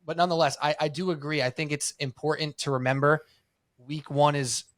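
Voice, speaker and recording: Male New York sports podcast co-host, slightly high, dry close sound, lively storyteller. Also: a little fast, dry recording. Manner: animated storytelling, acts out quotes. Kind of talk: casual sports chat.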